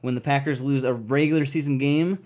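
A man's voice: medium pitch, steady tone, fairly quick, darkish tone. A man in a casual podcast chat, reading out facts in a matter-of-fact way.

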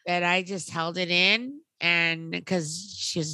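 A woman in her thirties tells an animated story on a casual podcast, acting out the people in it. Her voice is bright and pointed, set a little low, and sits close and dry on the mic. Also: a little slow, no echo. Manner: animated storytelling, quoting others. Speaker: podcast co-host. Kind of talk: casual chat.

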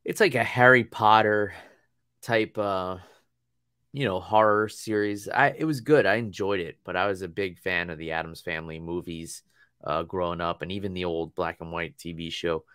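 A man's voice: deep voice, moderate pace, fairly bright tone, clear, resonant tone, no echo, clean studio sound. A man in his thirties chatting casually on a podcast, telling long rambling stories and laughing often. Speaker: podcast co-host. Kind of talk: casual chat.

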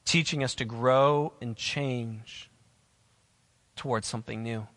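With a steady, slightly bright, medium-pitched voice, this pastor speaks slowly as he preaches to camera. He is emphatic and repeats key phrases for viewers watching online. The church setting adds a long, echoing hall sound.

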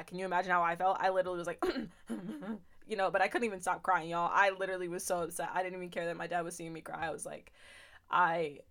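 A young woman with a slightly low voice tells her own faith testimony on a podcast. She speaks earnestly and with feeling. Her telling is loose and heartfelt, full of little fillers. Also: fairly bright tone. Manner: earnest, emotional storytelling with many fillers. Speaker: podcast host.

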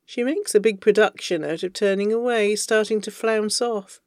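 A narrator reading fan fiction aloud, with even, wry storytelling. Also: medium pitch, moderate pace, hardly any pauses, no echo, clean studio sound.

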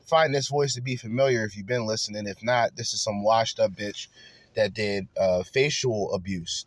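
A man's voice: on the low side, no echo. A man hosting a reaction commentary show, ranting crudely and mockingly with lots of profanity. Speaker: commentary podcast host.

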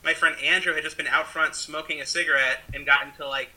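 Bright-voiced man telling a rambling story. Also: a little high, steady tone, fast, low-quality recording. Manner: rambling, filler-heavy, acts out quoted voices. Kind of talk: casual storytelling chat.

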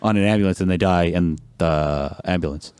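A young man telling animated stories as a podcast guest, swearing freely and laughing often. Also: deep voice, normal speed, smooth, no room sound. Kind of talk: casual podcast chat.

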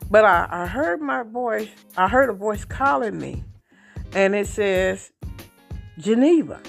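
A woman podcast host telling a personal faith testimony in a halting way, repeating words and rising in pitch when excited. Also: vocal fry. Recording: faint music behind.

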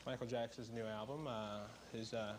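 A man's voice: mid-range voice, fairly even intonation, normal speed, background noise. A man interviewing a guest on TV, asking questions hesitantly with many fillers. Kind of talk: casual TV interview.

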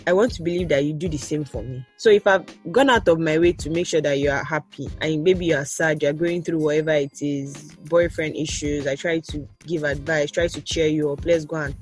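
Low-voiced woman chatting. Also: fairly quick, few pauses, a little mellow, soft background music. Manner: chatty, laughs often, playful. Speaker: podcast co-host. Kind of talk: casual chat among friends.

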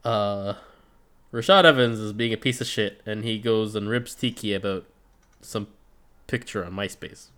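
A man's voice: fairly low pitch, moderate pace, a bit bright, clean tone. A man co-hosting a casual podcast, recapping a fight show in a laid-back way, swearing freely and trailing off. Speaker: podcast co-host.

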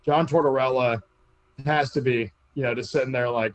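Brief: male podcast host, mid-pitch voice, dry close sound, steers the talk. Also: steady tone, moderate pace, dry recording, muffled recording. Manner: runs the segments, reads lists of names. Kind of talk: casual sports chat.

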